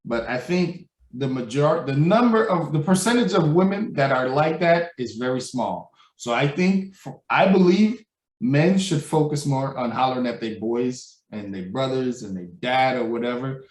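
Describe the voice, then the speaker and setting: Speaking at a normal speed with a medium-pitched voice, this man co-hosts a casual podcast, getting animated, voicing the people he quotes, and laughing out loud. The room echoes and he sits far from the microphone.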